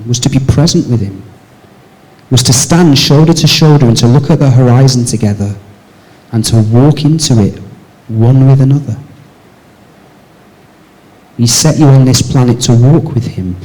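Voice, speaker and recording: Male pastor, church sermon, rhetorical questions, shifts between forceful and soft delivery. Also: poor audio. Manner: asks the congregation rhetorical questions; moves between raised emphatic lines and soft low passages.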